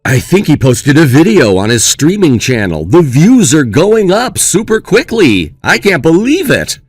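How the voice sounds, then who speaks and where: A man's voice: on the high side, very animated, a little slow, breathy edge, no echo, studio quality, full character voice. A man playing a careless young groom who brushes off his bride with taunting, dismissive remarks. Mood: gleeful.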